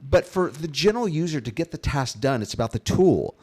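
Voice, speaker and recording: Animated man in his fifties, co-hosting. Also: brisk, slightly rough. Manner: animated, acts out quoted voices with big pitch jumps. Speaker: co-host, brand strategist. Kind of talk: casual podcast conversation.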